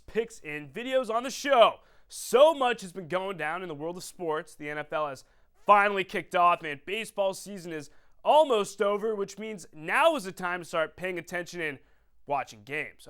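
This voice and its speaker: A man hosting a local sports show, calling highlights in a playful, hyped, slangy way. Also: a bit bright, clear, resonant tone. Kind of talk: energetic sports highlight commentary.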